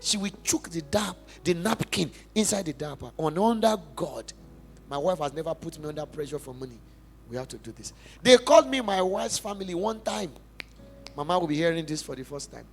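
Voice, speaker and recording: A young adult pastor from Nigeria with a Nigerian accent, giving an emphatic, passionate sermon testimony in church. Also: male voice, a little high, animated, brisk, creaky, soft background music. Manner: emphatic, passionate preaching with big swings in loudness.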